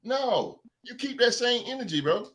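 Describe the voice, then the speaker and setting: A man hosting a sports podcast, ranting in an animated, heckling way and mocking rival fans. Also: very high-pitched, moderate pace. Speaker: podcast host. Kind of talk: sports talk rant.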